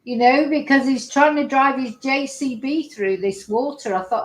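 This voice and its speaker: A woman's voice: sits high, moderate pace, hardly any pauses, echoey room, poor audio. A woman hosting a livestream, reacting to clips with chatty, emotional exclamations. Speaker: host.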